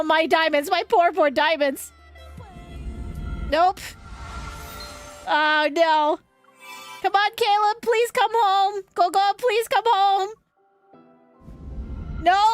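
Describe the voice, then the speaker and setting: Young woman, game streamer, very high voice, unhurried, excitable reactions. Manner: excitable, groans and cheers at pulls. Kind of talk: live gacha game stream.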